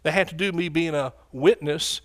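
A fervent male preacher whose voice sits a little higher than most men's. He delivers his sermon with building energy and keeps calling out to the congregation for a response. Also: brisk, a bit bright.

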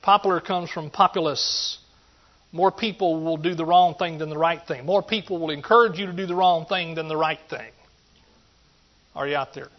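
A middle-aged man preaching a sermon. He talks in a folksy way, swings between loud emphatic points and quiet asides, and calls out to his listeners. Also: on the high side, moderate pace. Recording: dull lo-fi recording.

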